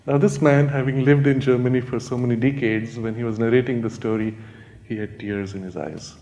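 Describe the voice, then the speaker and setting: Male spiritual teacher, gentle storyteller, mellow warm tone, rhetorical questions to the room. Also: medium pitch, steady tone, a little fast. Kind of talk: spiritual retreat talk. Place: retreat talk before a live audience.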